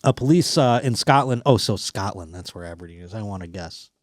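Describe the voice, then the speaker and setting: Crude, animated male podcast host. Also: fairly low pitch, fairly quick, no echo, studio quality. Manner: crude, animated, mocking, swears constantly. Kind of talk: casual comedic chat.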